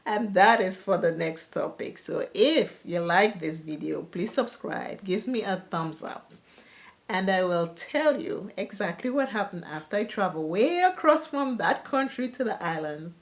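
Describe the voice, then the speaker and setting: A woman's voice: medium pitch, animated, unhurried, vocal fry. A young woman vlogger telling her own life story candidly, laughing now and then while recalling hard memories. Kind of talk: personal storytelling.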